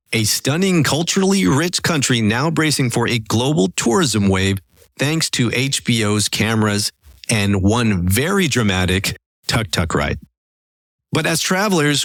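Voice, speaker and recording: A man hosting a travel podcast in a playful, animated scripted style. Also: mid-range voice, no echo, studio quality. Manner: playful, animated, pop-culture banter. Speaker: podcast host. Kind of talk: upbeat scripted podcast talk.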